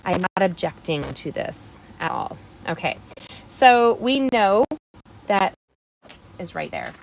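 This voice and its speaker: A woman's voice: on the low side, wildly swooping pitch, slow, gravelly, a little hiss or hum, rough recording. A woman hosting a live card-making demonstration, chatting playfully with her viewers and greeting them by name as she works. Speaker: crafting livestream host.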